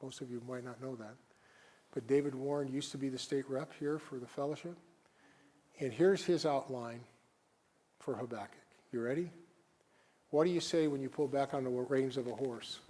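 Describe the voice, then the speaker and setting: A man preaching a sermon as guest preacher, swinging between loud emphasis and quiet asides. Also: mid-range voice, moderate pace, long pauses.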